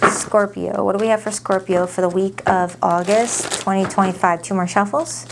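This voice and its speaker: A woman's voice: medium pitch, steady tone, normal speed, creaky, heavy background noise. Chatty upbeat woman reading tarot. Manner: chatty, upbeat, speaks straight to viewers. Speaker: tarot reader. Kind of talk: casual tarot reading to camera.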